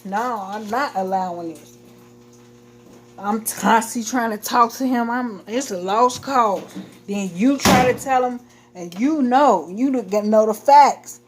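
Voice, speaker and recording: A woman's voice: medium pitch, measured pace, slight background noise. Woman, livestream host, blunt, heated, casual chat. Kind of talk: casual venting chat to viewers.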